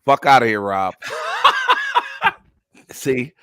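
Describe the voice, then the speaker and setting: A man's voice: medium pitch, wildly swooping pitch, extremely slow, fairly bright tone, clean tone, no echo, clean studio sound. A man co-hosting a casual reaction chat, joking and laughing often. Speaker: co-host.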